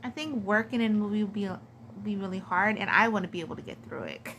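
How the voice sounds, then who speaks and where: A woman's voice: medium pitch, fast, fairly bright tone, slight background noise. A woman in her thirties chatting casually to camera at home, giggling often and rambling with lots of "like". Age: 30s. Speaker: craft vlogger answering tag questions.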